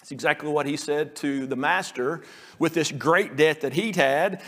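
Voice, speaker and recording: A man's voice: a little high, moderate pace, a bit bright, in a large hall. A male pastor preaching an earnest sermon, now and then acting out the pleading lines of the story. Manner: earnest preaching, acts out quoted pleas.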